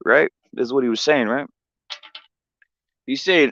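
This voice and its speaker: A man hosting a combat sports show in a casual, profane, animated rant that keeps circling back on itself. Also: medium pitch, a little slow, vocal fry, pauses often, no echo, highs cut off. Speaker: show host.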